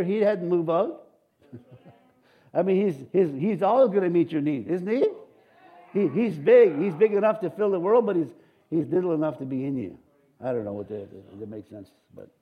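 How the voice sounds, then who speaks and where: This sermon comes through a muffled recording, with a middle-aged pastor's high, breathy voice. Lively and animated, he shouts cheers and amens and adds humorous asides between points.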